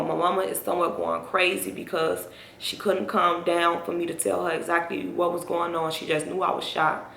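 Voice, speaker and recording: Her voice sits fairly low, gravelly and a touch bright, as this young vlogger rambles through a personal tale aimed right at her viewers. The audio echoes around the room and carries a slight hiss or hum.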